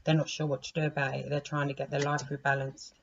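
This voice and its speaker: A woman's voice: deep voice, little pitch movement, quick pace, gravelly. A woman giving a casual, rambling tarot reading to her viewers, chatting to the cards as she deals them. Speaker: tarot reader. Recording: dull lo-fi recording with faint hiss.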